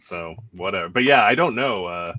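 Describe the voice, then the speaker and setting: A man's voice: low-pitched, expressive, normal speed, sharp tone, a little hiss or hum. A man hosting a podcast and chatting casually about a film, rambling and laughing often as he talks. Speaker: podcast host.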